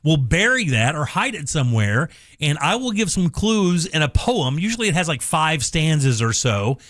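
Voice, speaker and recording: A male talk radio host in a studio, speaking in a brisk, upbeat way and laughing easily with his co-hosts. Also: on the high side, big pitch swings, fairly bright tone, dry recording.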